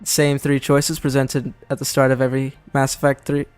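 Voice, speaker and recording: A man's voice: mid-range voice, completely flat delivery, normal speed, clean tone, faint music behind. A man giving casual, analytical commentary over game footage, talking loosely and correcting himself. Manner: chatty, analytical, self-correcting. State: out of breath. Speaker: gameplay commentator.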